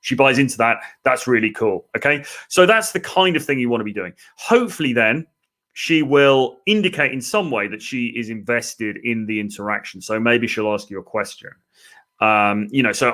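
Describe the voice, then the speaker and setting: Bright-voiced English man coaching. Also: medium pitch, animated, moderate pace. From England. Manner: casual, chatty, lots of fillers. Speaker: dating coach. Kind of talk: live-stream coaching talk.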